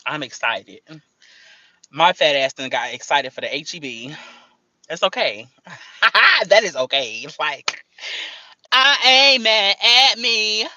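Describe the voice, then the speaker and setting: Lively, bright-voiced woman livestreamer. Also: extremely low pitch, a little slow, pauses often, dry recording. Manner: animated, playful, slangy, laughing often. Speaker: livestream host. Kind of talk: casual livestream chat. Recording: dull lo-fi stream audio.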